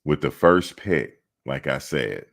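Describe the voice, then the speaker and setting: A booming, formal draft-night announcer, as a deep-voiced streamer puts him on reads the pick at a slow, ceremonial pace. The voice is very low and gravelly, and every word is drawn out for effect. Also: male voice, animated, fairly bright tone, full character voice. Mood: announcing.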